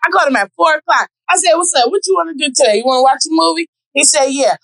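A woman telling a dating story in a casual group chat, loud and animated, often shouting. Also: high-pitched, rapid-fire, no room sound, poor audio.

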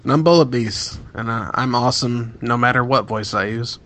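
A man with a mid-pitched voice co-hosts a casual podcast chat. He recaps in a laid-back way, pausing on fillers as he talks. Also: a bit bright. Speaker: podcast co-host.

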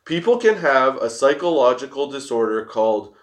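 A laid-back young man talks in a loose, rambling way, giggling often and swearing freely. He is high, and it shows in his easy, meandering delivery as he hosts a casual stoner chat. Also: animated, unhurried, pauses often, fairly bright tone. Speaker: host.

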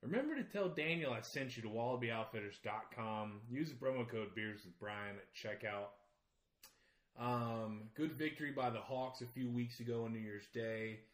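A man's voice: mid-range voice, normal speed, echoey room. A man with a Southern accent hosting a podcast, chatting casually in a rambling, joking, profane way. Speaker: podcast host.

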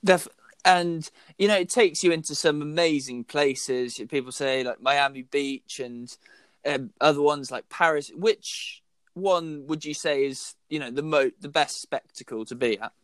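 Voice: medium pitch, measured pace, no room sound. A podcast host asking a guest long, friendly questions full of fillers. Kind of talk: interview questions.

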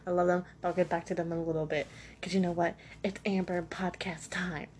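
A woman's voice: lowish voice, level tone, brisk, a little mellow, slight background noise. A young woman hosting her own podcast from home, chatting casually in a rambling, self-deprecating way with lots of fillers. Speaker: podcast host. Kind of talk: casual solo chat. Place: at home next to a cat.

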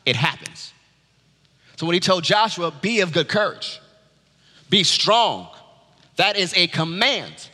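Male pastor, high and sharp-edged tone, dynamic sermon delivery in a reverberant hall. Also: very animated, takes it slowly, long pauses. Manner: preaching with wide swings from loud high urging to low hush.

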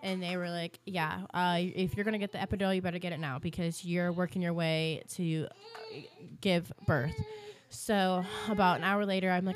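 A young woman on a casual podcast, recounting her experience in a chatty, animated way. Her voice sits a little low, and she fills her talk with "like" and "um". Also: normal speed, few pauses. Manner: chatty, animated retelling with many "like"s. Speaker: podcast co-host. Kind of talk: casual storytelling chat.

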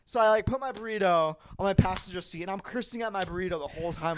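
Excitable young man telling a story. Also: high-pitched, quick pace, hardly any pauses, very noisy. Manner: animated, swears a lot, acts out both sides of conversations. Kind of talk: casual storytelling chat.

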